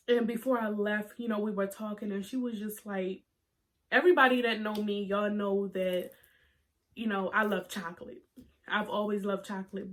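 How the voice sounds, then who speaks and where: A young woman in her twenties telling a personal story to her camera, halting and emotional as she holds back tears. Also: medium pitch. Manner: halting, many fillers and restarts. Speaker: vlogger.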